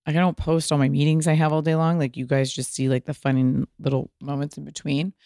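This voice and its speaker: Talking fast in a low voice, a woman in her thirties hosts a podcast, recorded in studio quality with no echo. Hailing from Pasadena, California, she tells a story in casual chat, animated, cursing freely and acting out people's words.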